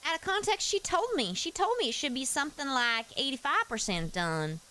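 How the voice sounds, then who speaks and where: Pitched high with big swings, this woman's voice is brisk, bright and forceful, heavily acted. She's voicing a folksy, relaxed streamer with a Southern drawl, chatting to viewers as y'all during a live gaming session.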